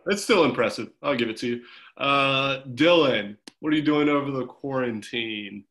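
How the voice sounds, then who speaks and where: A man's voice: mid-range voice, moderate pace, a bit bright. A young adult man coaching swimmers over a video call, casual and encouraging with some teasing. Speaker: swim coach.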